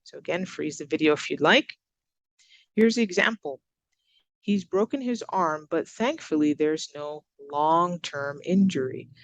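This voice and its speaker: Woman ESL teacher, lively swooping voice, exaggerated word stress, dry recording. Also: low-pitched, no room sound. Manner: lively, sings out example words with exaggerated stress; repeats words slowly for learners. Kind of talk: recorded English lesson.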